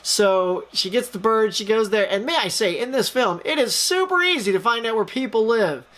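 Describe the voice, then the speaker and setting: A man's voice: high-pitched, animated, moderate pace, fairly bright tone. Chatty man rambling through a plot. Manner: chatty and rambling, full of "you know" and "like"; jokey, scoffing asides. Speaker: movie reviewer. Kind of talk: casual retelling of a film plot.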